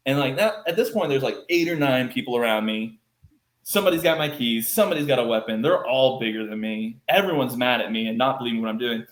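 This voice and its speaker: A podcast guest from Texas, United States, tells a story casually and with animation, acting out quoted lines and using plenty of fillers. His pitch is medium, he talks fast, and the recording has a roomy echo.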